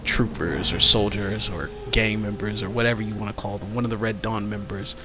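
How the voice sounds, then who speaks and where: A man narrating as game master of a tabletop role-playing session, pausing often with fillers as he describes the scene. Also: on the low side, steady tone, over music. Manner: hesitant, lots of fillers.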